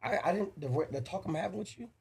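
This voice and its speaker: Earnest male podcast host, fast and emphatic, slightly higher pitch, for casual talk. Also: lively intonation, vocal fry, a little mellow, husky. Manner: earnest, emphatic, repeats himself. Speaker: father of two boys. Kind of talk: casual chat.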